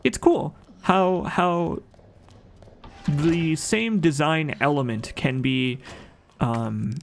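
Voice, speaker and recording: A man giving casual, chatty commentary over his own gameplay, excited at times and often stopping to correct himself with a joke. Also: a little high, extremely slow, creaky, faint music behind. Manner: chatty, enthusiastic, jokes and corrects himself mid-sentence. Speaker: let's play commentator.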